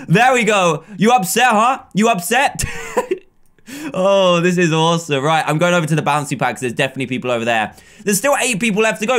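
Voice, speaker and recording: Excitable high-voiced English gaming commentator. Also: male voice. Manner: excitable, playful, chatty, quick jumps from calm to yelling. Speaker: gaming YouTuber. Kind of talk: live gameplay commentary.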